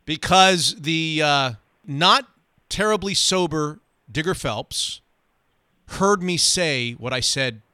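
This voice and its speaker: Bright-voiced male sports radio host. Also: fairly high pitch, smooth, no room sound, clean studio sound. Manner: animated, quick anecdote telling.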